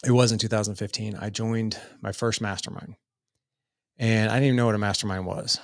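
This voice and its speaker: A man's voice: fairly low pitch, steady tone, brisk, gravelly, no echo, studio quality. A middle-aged man telling his story as a podcast guest, earnest and loose, with lots of "like" fillers. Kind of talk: casual storytelling in an interview.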